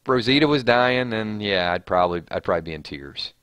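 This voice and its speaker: Low-voiced man hosting a chatty live stream. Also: animated, quick pace, a bit bright, clear, resonant tone, no room sound. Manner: chatty, reads viewer comments aloud, many restarts. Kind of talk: casual live-stream chat.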